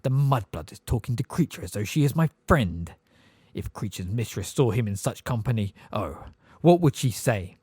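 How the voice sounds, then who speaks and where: A man voicing an old male house elf, hoarse and deep, muttering bitterly under his breath in an audiobook. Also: lively intonation, normal speed, darkish tone, no room sound.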